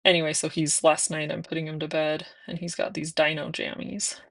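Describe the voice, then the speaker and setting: Chatty woman with a gravelly low voice. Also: flat delivery, brisk. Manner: chatty, sometimes drifting into soft whispers. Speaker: nail vlogger. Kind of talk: casual chat while doing nails.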